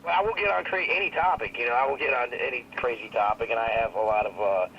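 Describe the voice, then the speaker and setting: A man co-hosting a casual talk show with a gravelly, crackly voice. He speaks haltingly, with many fillers. He comes through a dull, lo-fi line with loud noise underneath. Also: mid-range voice. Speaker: radio co-host. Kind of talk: casual talk radio chat.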